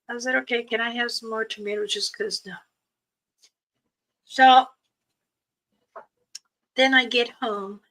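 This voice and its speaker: A woman's voice: on the high side, steady tone, measured pace, long pauses, a bit bright, poor audio. A woman hosting a casual livestream, chatting about a trip with frequent laughs and reading viewer comments aloud. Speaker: livestream host. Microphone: streaming setup.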